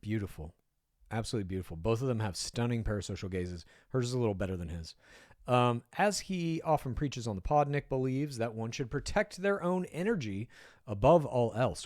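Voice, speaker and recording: A man reads an article aloud and breaks in with casual, wry remarks and tangents. His voice sits at a mid pitch, and the sound is dry and close, with no room echo. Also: animated, fairly quick, darkish tone. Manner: casual, wry, digressive, swears. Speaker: pop culture commentator. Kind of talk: commentary reading an article aloud.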